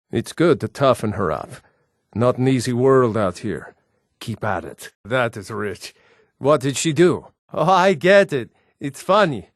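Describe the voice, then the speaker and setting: Burly nord fighter from a fantasy game, middle-aged, slow steady talk, dry close sound. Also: male voice, mid-range voice, no echo. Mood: teasing chat. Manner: shouts battle cries, plain folksy small talk. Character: burly male Nord townsman and warrior, gruff. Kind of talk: video game character voice lines.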